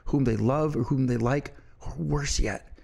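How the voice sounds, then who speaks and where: A man's voice: mid-range voice, measured pace, vocal fry, a little mellow. A middle-aged man and podcast co-host, talking in a fiery, profane and emphatic way. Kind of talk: impassioned opinion talk.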